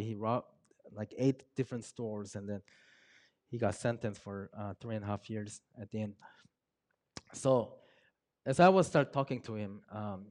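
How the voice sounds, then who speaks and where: An earnest man shares a personal testimony at a mid-range pitch for a man. He tells his story in a halting way, stopping often with small ums. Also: darkish tone. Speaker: speaker sharing a personal testimony.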